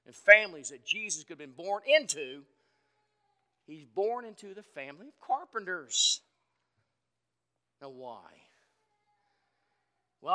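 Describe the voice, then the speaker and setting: A man preaching an evening sermon in a folksy, conversational way, asking the congregation questions and swinging from loud to soft. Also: fairly high pitch. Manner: dynamic, swings from loud to quiet.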